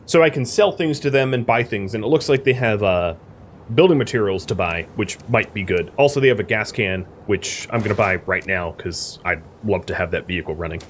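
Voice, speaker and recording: A man's voice: lowish voice, a little fast, a little hiss or hum. A man streaming a video game, casually explaining the mechanics with lots of fillers. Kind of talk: casual gameplay commentary.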